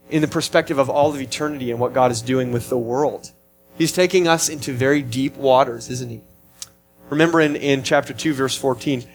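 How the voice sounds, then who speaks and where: Man, pastor, sermon, earnest, emphatic, slightly high voice, faint background music. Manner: earnest, emphatic preaching with frequent restarts.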